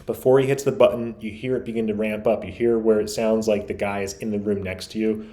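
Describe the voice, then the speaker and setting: A man's voice: on the low side, little pitch movement, fast, dark tone. A man reviewing radio gear, giving an analytical, emphatic explanation as host. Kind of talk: explanatory commentary.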